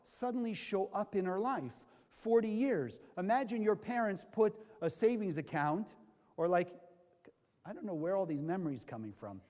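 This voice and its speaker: High-pitched man teaching a class, lots of rhetorical questions, echoing lecture hall. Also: expressive, normal speed, darkish tone. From California. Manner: asks the audience questions and answers them himself. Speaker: Kabbalah teacher. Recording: long hall reverb.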